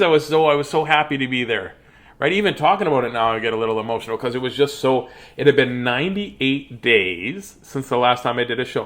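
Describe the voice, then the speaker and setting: A man's voice: mid-range voice, brisk, a bit bright. Brief: a man hosting a book read-aloud stream, easygoing and playful, chatty with restarts. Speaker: host reading picture books. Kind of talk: casual livestream chat and read-aloud.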